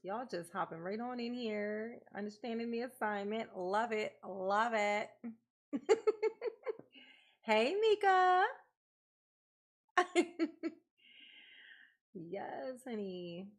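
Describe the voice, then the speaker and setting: A woman's voice: medium pitch, expressive, slow, pauses often. A woman hosting a livestream, greeting viewers by name in casual, playful chat and laughing often. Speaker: livestream host.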